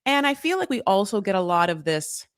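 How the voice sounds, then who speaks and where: A woman's voice: medium pitch, very animated, fairly quick, clean tone, no room sound, studio quality. A woman co-hosting a casual recap podcast, rambling and chatty with lots of fillers. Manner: chatty, lots of fillers, quotes people in put-on voices. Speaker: podcast co-host. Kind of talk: casual reality TV recap chat.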